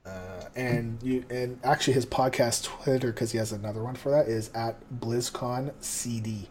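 A man's voice: mid-range voice, level tone, moderate pace, a little hiss or hum. A man co-hosting a podcast, rambling through a casual sign-off with frequent laughs and self-deprecating asides. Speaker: podcast co-host.

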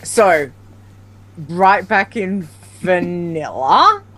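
A woman's voice: on the low side, expressive, very slow, a bit bright. A woman guest on a gaming podcast, telling stories in a giggly, rambling way over a remote call. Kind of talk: casual chat about gaming.

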